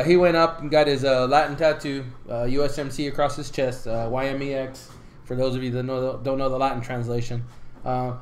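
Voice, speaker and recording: A man's voice: mid-range voice, reverberant, a little hiss or hum. A man co-hosting a casual sports podcast, telling crude stories and swearing freely. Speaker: podcast co-host.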